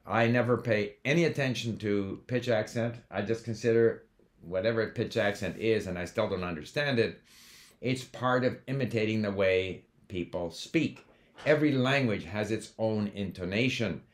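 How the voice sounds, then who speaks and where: A man with a somewhat low voice talks in a relaxed, conversational monologue. He is older and from Canada, and he drifts into side stories, dropping in fillers and restarting sentences as he goes. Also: normal speed. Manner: conversational, digressive, with fillers and self-corrections. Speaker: language learning host. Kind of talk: casual monologue.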